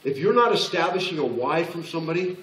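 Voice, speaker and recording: A man giving a motivational business presentation to a live audience, talking in an animated way with frequent restarts and acted-out replies. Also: a little high, fast. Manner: animated, repeats and restarts, acts out people's replies. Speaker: business coach speaker. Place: large room before a live audience. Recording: echoey room from far off.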